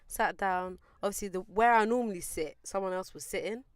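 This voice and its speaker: A young woman, telling a lively story on a casual podcast and acting out the people in it. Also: mid-range voice, fairly quick, no echo. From England. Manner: animated, mimics people in her story. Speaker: podcast host.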